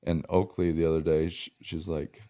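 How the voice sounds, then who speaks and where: A man's voice: a bass voice, flat delivery, moderate pace, warm tone. A man speaking as a podcast guest in casual conversation, plainspoken, giving many short agreeing replies.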